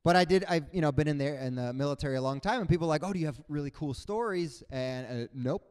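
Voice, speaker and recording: Animated high-voiced male stand-up comic. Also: quick pace, clear, resonant tone. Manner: animated, acts out other people's voices. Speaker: stand-up comedian. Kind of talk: stand-up comedy set. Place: on stage before a live audience.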